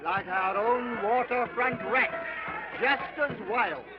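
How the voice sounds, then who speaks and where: An actor playing a gallant young medical student in a 1930s film. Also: male voice, extremely high pitch, slow, very noisy. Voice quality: gallant, stammering when nervous. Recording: dull lo-fi 1930s film sound.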